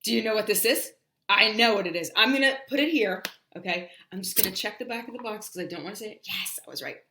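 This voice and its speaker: A woman's voice: medium pitch, bright, forceful tone, roomy sound, slight background noise. A woman teaching English shapes on a livestream, chatty, often singing and stretching out words for children to repeat. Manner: sings and drills words slowly, chatty asides. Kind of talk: animated livestream lesson.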